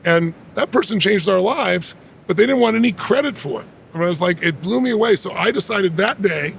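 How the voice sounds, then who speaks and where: Interview guest, man in his 60s: gravelly, rapid-fire, emphatic storyteller. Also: sits high, animated, slight background noise.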